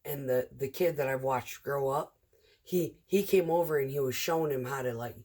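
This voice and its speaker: A woman's voice: rumbling low, normal speed, darkish tone. A middle-aged woman who drives a concrete truck, telling rambling work stories in a casual, chatty vlog full of fillers.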